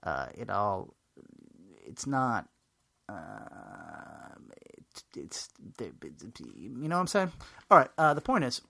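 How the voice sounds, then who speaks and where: Rambling, gravelly-voiced comic man. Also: on the low side, wildly swooping pitch, takes it slowly, pauses often, fairly bright tone, dry recording. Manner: rambling, self-mocking, many fillers and restarts. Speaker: interview guest. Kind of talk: rambling comedic answer.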